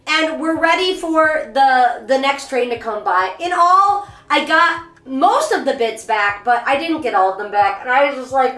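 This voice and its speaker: High-voiced woman telling a rambling story. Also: moderate pace, reverberant. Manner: animated, rambling, self-mocking. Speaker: VTuber streamer. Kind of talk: casual storytelling to stream chat. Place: bathroom during a bath.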